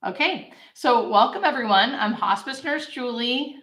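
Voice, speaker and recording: A woman's voice: a little high, lively intonation, a little slow, a bit bright, roomy sound. A woman from Southern California, a hospice nurse, chatting upbeat on a live-stream Q&A and answering viewers' questions. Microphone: camera mic.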